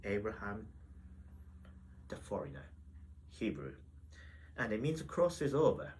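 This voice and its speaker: A man teaching a Bible lesson in church, animated and full of rhetorical questions. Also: lowish voice, slow pace, low-quality recording. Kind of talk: teaching sermon. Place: Wales.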